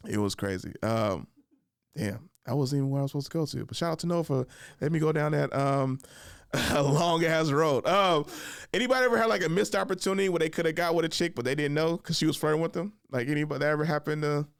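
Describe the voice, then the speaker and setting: A man's voice: a little high, fast, creaky, smooth, no echo, studio quality. A young adult man hosting his own podcast, telling loose, rambling stories full of fillers and laughing at himself. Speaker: podcast host. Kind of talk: casual storytelling monologue.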